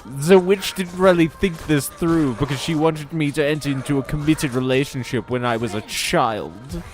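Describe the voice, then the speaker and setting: A man's voice: a little high, moderate pace, faint music behind, lightly acted. A man voicing a big, brooding male beast who talks in a theatrical, pompous way. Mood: grand, theatrical.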